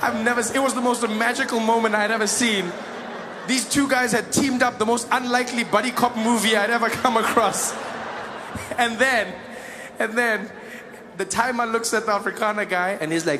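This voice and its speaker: A man with a South African accent performing stand-up comedy, telling a story in an animated way and slipping into other people's voices. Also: extremely high pitch, normal speed, noisy background.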